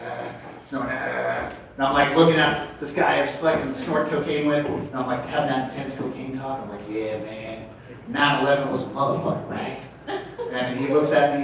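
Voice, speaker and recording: A man's voice: fairly high pitch, vocal fry, fairly bright tone. A man in his forties from Portland, Oregon, doing crude, profane open mic stand-up and bantering with the crowd in a small venue. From Portland, Oregon, USA. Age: 40s. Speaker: stand-up comedian. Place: small comedy venue, indoors. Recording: echoey venue, distant mic.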